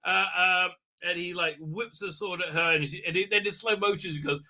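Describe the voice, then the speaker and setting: Sarcastic, rambling man with a high, bright voice. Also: steady tone, a little fast. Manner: rambling and sarcastic, with many filler sounds. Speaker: host reviewing a TV episode. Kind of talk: live recap and review.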